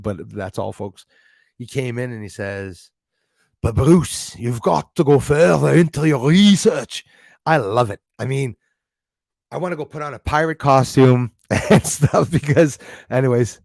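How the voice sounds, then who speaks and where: A man's voice: mid-range voice, a little mellow, no room sound, studio quality. A man hosting a casual live stream, rambling as he reads out and thanks viewers in the chat. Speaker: livestream host.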